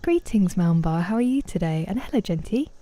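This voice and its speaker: A woman's voice: lowish voice, lively intonation, a little fast, dark tone, no echo. A young woman streaming a game, chatting playfully and greeting viewers by name. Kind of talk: casual live-stream chat while gaming. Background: faint game music.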